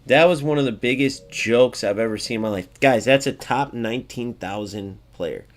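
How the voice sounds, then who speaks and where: Man, gaming host, casual gameplay commentary, blunt, sarcastic, middle pitch. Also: moderate pace. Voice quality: blunt, sarcastic, talks straight to viewers.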